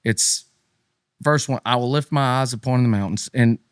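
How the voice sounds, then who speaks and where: A middle-aged man co-hosting a faith podcast in casual talk, swinging between loud, high emphatic bursts and low, quiet asides. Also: moderate pace, smooth, no room sound, studio quality. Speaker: podcast co-host.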